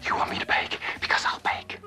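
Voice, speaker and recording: A man's voice: a little fast, in a whisper, close to an everyday voice. An actor playing a scheming, theatrical middle-aged businessman in a TV drama, with florid, melodramatic pleading. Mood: frantic. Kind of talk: TV drama acting. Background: music.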